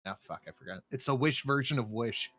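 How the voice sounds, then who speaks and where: A man's voice: mid-range voice, brisk, fairly bright tone, dry recording. A man on an online comedy show, joking around as a contestant, losing his train of thought and swearing. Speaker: co-host and game contestant. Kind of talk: casual comedic chat.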